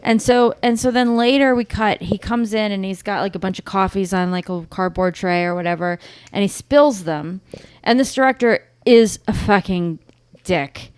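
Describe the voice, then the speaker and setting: A woman co-hosting a podcast, recapping a TV episode in casual chat with lots of swearing and animated storytelling. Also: medium pitch, moderate pace, clean tone, no echo. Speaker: podcast co-host.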